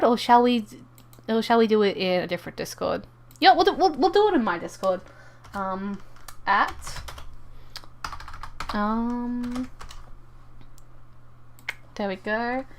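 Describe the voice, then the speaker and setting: A woman with a fairly high voice, recorded with a slight hiss or hum, chats casually with her viewers as she plays a game. As a live streamer she rambles playfully, addressing both her audience and the game's characters, and she frequently stumbles over and repeats her words.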